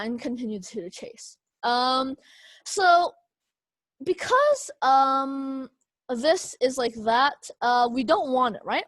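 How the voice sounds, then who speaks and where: A woman instructing a speech class over a video call, explaining slowly with many fillers and restarts. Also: sits high, dry recording.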